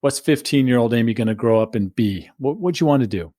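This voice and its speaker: A man's voice: medium pitch, lively intonation, quick pace, dark tone, dry recording, studio quality. A man hosting a podcast interview, friendly and jokey, often restarting his sentences. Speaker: podcast host. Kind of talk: casual interview.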